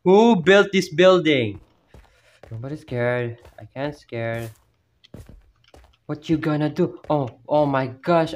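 In a muffled recording, a man's mid-range voice comments on the horror map he's playing at home near his family. Chatty and jumpy, he talks to himself and yelps at every scare.

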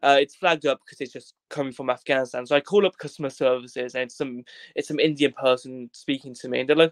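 Speaking quickly with few pauses, a young adult man from Wales guests on a podcast and spins a meandering, comic story. His pitch is medium and his intonation fairly even, the recording has no room sound, and he curses liberally and imitates the voices of his story's characters.

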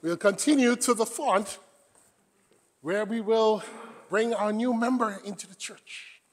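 A man, a priest, preaching a sermon in a church, swelling from soft to loud. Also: high voice, measured pace, slightly rough. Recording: long church reverb.

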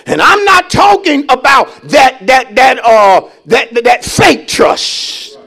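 Male pastor, high voice, slow drawn-out delivery, calls to the congregation and shouts for emphasis. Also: sing-song, creaky. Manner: preaching with call-and-response, shouting emphasis. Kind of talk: call-and-response sermon.

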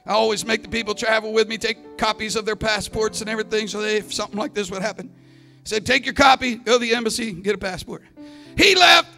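A man preaching a Pentecostal sermon as a visiting evangelist, telling stories and rising into shouted climaxes. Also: high-pitched, fast, gravelly. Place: church sanctuary. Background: soft organ music.

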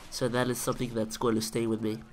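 A man from Israel with a noticeable Israeli accent and a nasal, stuffed-up voice, as if his nose were always blocked. His first language is Hebrew, so he chats slowly and carefully, pausing to pick his English words. He talks casually to his viewers as a gaming commentator. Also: mid-range voice, completely flat delivery, a little mellow, a little hiss or hum. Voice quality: nasal, congested-sounding. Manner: slow and deliberate, pausing to find English words. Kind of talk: casual talk to camera.

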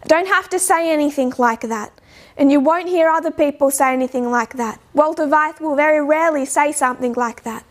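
A woman giving an informal lecture, slowing down to stress points and posing rhetorical questions. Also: high-pitched. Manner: measured, slows down to stress points. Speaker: speaker giving a talk.

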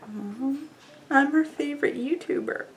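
A woman's voice: sits high, unhurried. A woman vlogger chatting casually to the camera, gushing and effusive as she rambles on. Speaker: beauty vlogger opening fan mail.

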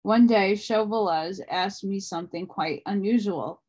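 A woman reading a book aloud at a steady pace, now and then stumbling and restarting a word. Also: medium pitch, unhurried. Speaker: audiobook reader.

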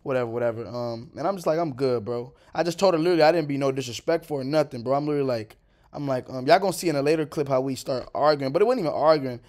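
Twenty-something guy, loose slangy vlog rant, rambly, bro every other word, mid pitch. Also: racing, a little mellow. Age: 20s. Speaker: vlogger. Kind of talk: casual commentary over a clip.

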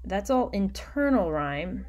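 A woman teacher giving a recorded online lecture, explaining patiently and often dropping into quiet muttering as she works. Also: medium pitch, sing-song, slow.

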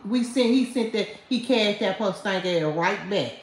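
A woman's voice: medium pitch, animated, measured pace. A woman hosting a livestream, mocking someone and laughing as she talks straight to her viewers. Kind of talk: trash-talking livestream rant. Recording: echoey room.

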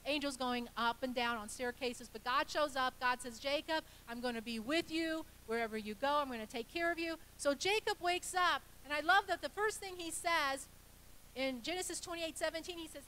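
High, bright-voiced woman pastor preaching. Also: normal speed, slight background noise, low-quality recording. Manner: conversational preaching with frequent restarts and asides; acts out quoted voices in storytelling. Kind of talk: sermon.

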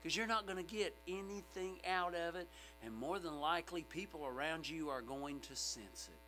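Emphatic male pastor, bright voice. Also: a little high, normal speed, soft background music, poor audio. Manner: emphatic, swinging from loud to hushed. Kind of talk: sermon. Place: church sanctuary.

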